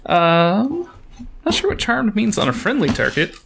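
Slow-talking, laid-back tabletop player. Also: medium pitch, wildly swooping pitch, gravelly, fairly bright tone, slight background noise. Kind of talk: casual tabletop play.

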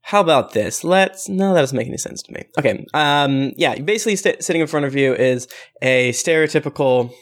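A man's voice: medium pitch, expressive, fairly quick. A man narrating a tabletop game as game master, rambling with many fillers. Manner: rambling, many fillers, laughs at own jokes.

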